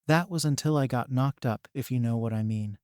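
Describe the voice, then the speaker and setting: A man's voice: medium pitch, a little fast, a little mellow, smooth, no echo, natural voice. A man voicing a vain, bullying middle-aged mother who sneers and swears, read in a dry, close sound. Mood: sneering.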